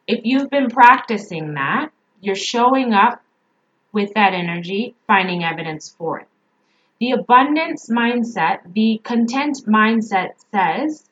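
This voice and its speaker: A woman's voice: medium pitch, lively intonation, takes it slowly, dull audio. A woman mindset coach giving a motivational talk, repeating emphatic affirmations.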